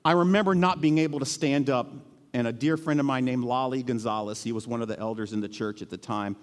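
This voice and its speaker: A middle-aged male pastor preaching a sermon in a church, earnest and emotional, dropping to hushed tones and then rising to emphatic peaks. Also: medium pitch, big-room sound. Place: church sanctuary.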